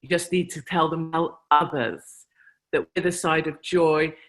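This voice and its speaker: A woman's voice: low voice, steady tone, measured pace. A woman with a British accent, giving a chatty, emphatic speech to a live audience as a convention speaker. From Britain. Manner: chatty anecdotal storytelling, emphatic.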